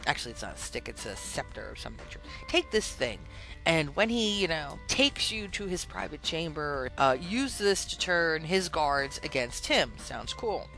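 Lively, bright-voiced podcast host. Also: medium pitch, normal speed, gravelly, faint music behind. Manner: animated, exasperated retelling with acted-out quotes. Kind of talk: casual storytelling about a video game.

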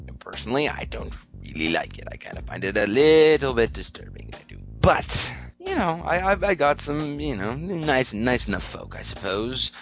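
A man's voice: fairly low pitch, a bit bright. A man hosting a podcast segment, telling a comic gaming story and acting out the characters in a self-mocking way.

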